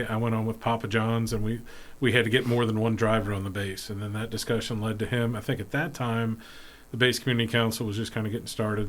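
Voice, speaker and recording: A man hosting a casual interview, asking rambling questions in a chatty way. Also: lowish voice. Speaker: podcast host.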